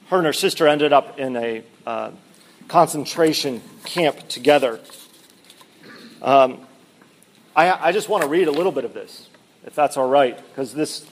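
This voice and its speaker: An emphatic male preacher delivering a sermon, with a voice that sits a little high for a man. He presses hard on his key phrases and stumbles into fillers whenever he steps aside to tell a story. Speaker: pastor.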